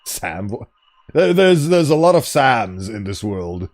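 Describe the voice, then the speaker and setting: A man's voice: medium pitch, big pitch swings, slow. A man streaming a game, chatting playfully with viewers and laughing often. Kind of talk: casual gameplay commentary.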